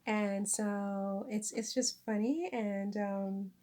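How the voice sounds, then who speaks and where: A woman's voice: mid-range voice, fairly even intonation, slow pace, dark tone. A woman vlogger chatting casually to camera, self-deprecating and laughing at herself as she recommends her books. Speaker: vlogger and author. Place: lives in France.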